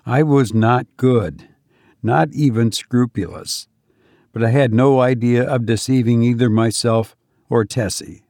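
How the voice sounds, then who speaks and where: A man reading a gothic story aloud as a narrator, measured and expressive, dropping quiet for dialogue. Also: mid-range voice, dry recording, clean studio sound. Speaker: audiobook narrator.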